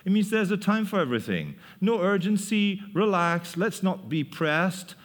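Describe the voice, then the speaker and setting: Animated preacher in a reverberant hall. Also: male voice, high-pitched, normal speed. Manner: lively storytelling, laughs often, acts out voices. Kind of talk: sermon, animated Bible teaching.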